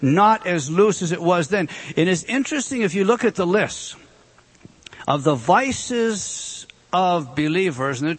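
Guy preaching a sermon, punchy, keeps asking the crowd questions, voice a bit high. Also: a bit bright. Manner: emphatic preaching, rhetorical questions. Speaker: pastor.

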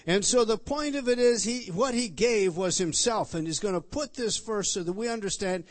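A man's voice: high-pitched, moderate pace, hardly any pauses, dry recording. A man preaching an expository sermon, emphatic, repeating words and turning to the listeners with questions. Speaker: pastor.

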